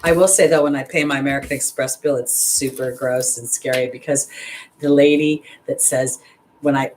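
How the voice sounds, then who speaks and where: An intuitive astrologer and card reader gives a casual astrology and angel card reading in an extremely low, steady, darkish voice at normal speed. She is chatty and rambling, laughs at herself when nervous, and speaks to viewers by name. The rough recording carries a little hiss or hum.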